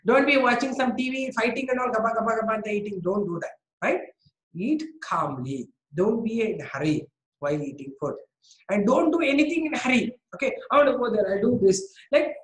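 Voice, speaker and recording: Echoey Indian woman teaching biology. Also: mid-range voice. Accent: Indian English. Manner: coaxing, repeats questions, praises students by name. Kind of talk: online class teaching.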